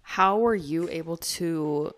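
A young woman hosting a podcast, with a slightly low voice for a woman. She talks in a loose, chatty way, filling her sentences with "like" as she asks questions. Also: slow pace, slight background noise. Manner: chatty, heavy use of "like", conversational. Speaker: podcast host. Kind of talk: casual interview chat.

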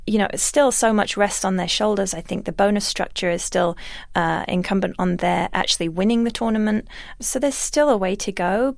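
A woman sports journalist is speaking in a radio interview. Her voice has a gravelly, fry-tinged edge, and the sound is dry and close. She answers in a measured, thoughtful way, with small restarts. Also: medium pitch, no echo.

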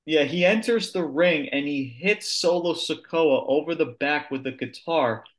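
A man co-hosting a podcast, giving a casual, animated wrestling review with blunt, sweary rants. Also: on the high side, unhurried. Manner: ranting, animated, swears freely. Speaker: podcast co-host.

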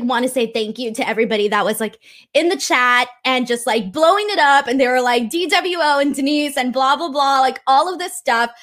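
A woman's voice: high-pitched, fairly bright tone. A young woman hosting a livestream, chatting casually with many fillers and gushing thanks. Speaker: wrestling show host.

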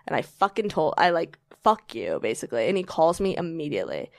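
A woman's voice: deep voice, fast talker, gravelly, few pauses, dry recording, studio quality. A young woman telling a candid story in casual chat, swearing often and laughing as she talks. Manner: profane, laughing, animated storytelling. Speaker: guest telling her story.

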